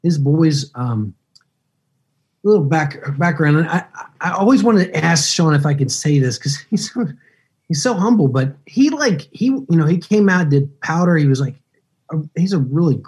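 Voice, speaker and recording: A man in his fifties, an actor guest on a podcast, telling relaxed, rambling stories and laughing easily. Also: a little high, normal speed, slightly rough, poor audio. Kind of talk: casual podcast interview.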